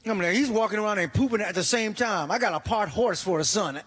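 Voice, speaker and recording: Middle-aged male stand-up comic, high pitched and animated, performing in a reverberant hall. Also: quick pace. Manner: animated, exclaiming, acting out voices. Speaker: stand-up comedian. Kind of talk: stand-up comedy set. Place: church comedy stage.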